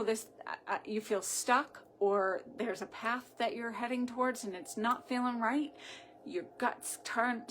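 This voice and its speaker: A woman's voice: mid-range voice, a little hiss or hum. A woman with a Boston accent, a sound healer talking casually and chattily on a home livestream, rambling loosely and often asking "right?".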